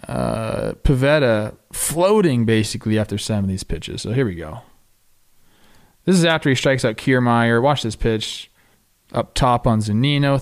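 A man hosting a baseball podcast, talking through game clips casually with excited, animated asides. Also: medium pitch. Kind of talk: casual video breakdown commentary.

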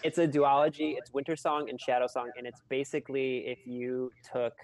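A man hosting a relaxed podcast conversation, talking in an animated, playful way and laughing along often. His voice has an ordinary middle pitch for a man. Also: brisk. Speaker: podcast host. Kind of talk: casual chat.

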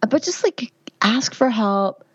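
A woman's voice: fairly high pitch, animated, takes it slowly, husky, no room sound, highs cut off. A woman in her fifties, a guest in a podcast interview, speaking candidly and chattily with frequent fillers. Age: 50s. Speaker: guest, physician and midwife.

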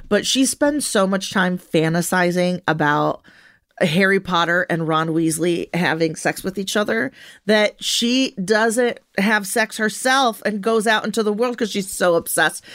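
A woman's voice: lowish voice, a bit bright, dry recording, studio quality. A woman talking casually in a group chat, laughing often and filling her talk with "like". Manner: laughs often, says "like" a lot.

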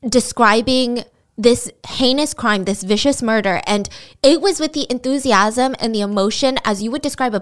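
Chatty, sarcastic woman storyteller. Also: on the high side. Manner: chatty, sarcastic, incredulous asides. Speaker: true crime storyteller. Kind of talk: casual storytelling.

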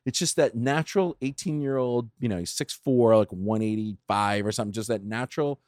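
A man's voice: medium pitch, normal speed, few pauses, no echo, clean studio sound. A man in his forties from California, a guest telling stories in a casual podcast chat, self-mocking and swearing often. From United States. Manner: profane, self-mocking storyteller. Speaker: guest, film producer.

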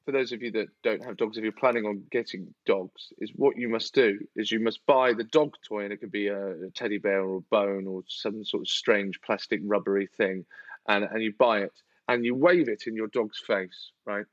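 A man's voice: fairly low pitch, moderate pace, dry recording. Casting: male comedian, exasperated comic riffing, dry muffled studio sound. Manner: animated, exasperated storytelling. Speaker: comedian guest. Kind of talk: comic podcast banter.

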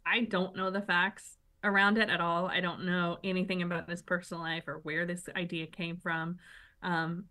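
A woman's voice: lowish voice, bright, forceful tone. Blunt, opinionated woman co-host. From United States. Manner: opinionated, blunt, talks in long runs. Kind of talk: casual political chat.

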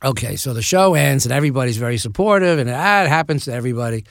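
An older man speaks with a gravelly, creaky edge into a dead, dry studio microphone. He spins stories from his acting life in a self-deprecating way, acting out the other people's lines as he goes. His pitch sits in an ordinary middle range. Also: animated, very fast, fairly bright tone, no room sound. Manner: self-deprecating, acts out quoted dialogue. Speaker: actor guest. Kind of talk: anecdotal storytelling in a podcast interview. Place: podcast studio.

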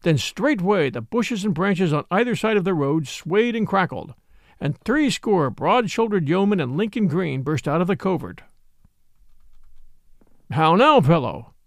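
A man narrating a storybook as an audiobook reader, in an expressive, measured way on a close studio mic. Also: sits high, no echo.

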